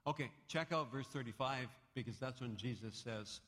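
A male preacher delivers a sermon in an animated, dramatic way, jumping from loud exclamations to hushed asides. His mid-range voice rings through a long hall reverb. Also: medium pitch, normal speed, hardly any pauses. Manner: animated, dramatic storytelling with sudden loud bursts and soft drops. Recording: echoey hall.

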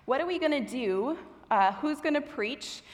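A young woman from the children's ministry gives a sermon as a guest preacher on a stage-lit church auditorium stage, her fairly high voice ringing into a long, lingering hall reverb. She speaks at a moderate pace with lively intonation, sounding warm, chatty, self-deprecating and a little nervous.

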